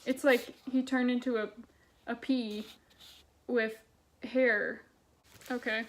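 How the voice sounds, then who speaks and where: Young woman reading kids books out loud, sarcastic and chatty, kinda high voice. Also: fairly even intonation, slow, pauses often. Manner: chatty and sarcastic, swears casually. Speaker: book vlogger. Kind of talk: casual read-aloud and commentary.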